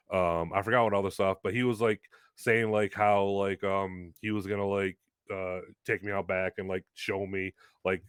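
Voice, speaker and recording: A man's voice: sits low, clean tone, no echo, clean studio sound. A man, a wrestler from Western New York, telling a story on a talk show in a casual, rambling way with lots of "like". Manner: rambling, heavy use of "like". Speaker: guest, pro wrestler.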